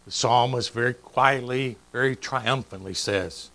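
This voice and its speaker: A man's voice: fairly low pitch, fairly even intonation, moderate pace, gravelly, long pauses, fairly bright tone, poor audio. A middle-aged man preaching a sermon in a church, chatty and joking, quizzing the congregation. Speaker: pastor. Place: church sanctuary.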